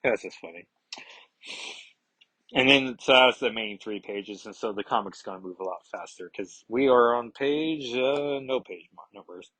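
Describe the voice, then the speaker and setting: A man's voice: mid-range voice, moderate pace, fairly bright tone, no echo, rough recording. A man casually reading a comic aloud and commenting, chatty, digressive and amused, on a close mic.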